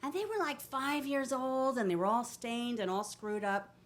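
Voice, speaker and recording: A woman's voice: a little high, normal speed. A woman in her fifties from New Jersey, telling a brash, comic true story on stage into a microphone. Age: 50s. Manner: brash, comic, animated delivery. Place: storytelling stage in a city venue.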